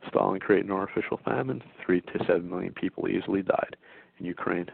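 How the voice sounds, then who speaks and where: A man's voice: low voice, fast, gravelly, slightly rough. A male host giving an insistent political commentary monologue, full of stammering restarts. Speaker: talk show host. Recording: dry tinny phone-like sound.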